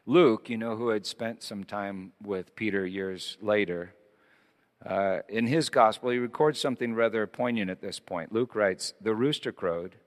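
A man preaching a sermon, reading scripture dramatically, rising loud and high in quoted lines and dropping to a hush in tender ones. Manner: dramatic scripture reading, swelling then hushed. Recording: long hall reverb.

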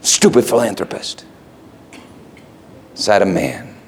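A man's voice: sits low, sing-song, slow pace, slight background noise. A man preaching a sermon in a conversational way that rises to emphatic peaks.

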